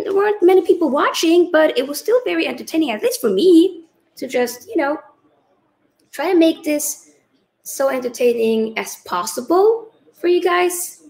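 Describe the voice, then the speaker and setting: Chatty woman, gravelly voice. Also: sits high, poor audio. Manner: chatty, animated, reads out viewer comments. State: tired. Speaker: livestream host. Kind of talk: casual live watchalong chat.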